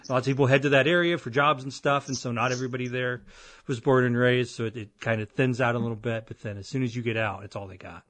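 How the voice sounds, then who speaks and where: A man's voice: mid-range voice, steady tone, quick pace, fairly bright tone, dry recording. A man hosting a podcast in casual chat, telling stories in a rambling, self-deprecating way. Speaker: podcast host.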